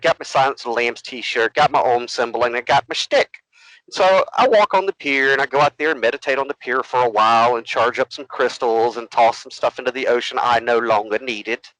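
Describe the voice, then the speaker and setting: Male podcast co-host, animated storyteller, dry close mic. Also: mid-range voice, a little fast, no echo, low-quality recording. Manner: animated storytelling, acts out other voices. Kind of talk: casual storytelling.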